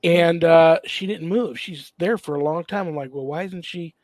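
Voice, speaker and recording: Guy hosting, a priest, kinda high voice, dry close sound, lots of ums and uhs. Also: moderate pace, a little mellow, no room sound. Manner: hesitant, many ums and uhs while telling a story. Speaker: host and priest. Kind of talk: casual interview chat.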